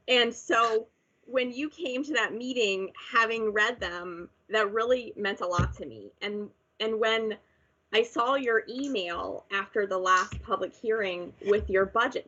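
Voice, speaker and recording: Earnest husky woman at a public meeting. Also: a little high, bright, forceful tone. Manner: earnest and emotional, halting with restarts. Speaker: town finance official. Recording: dull lo-fi video call audio.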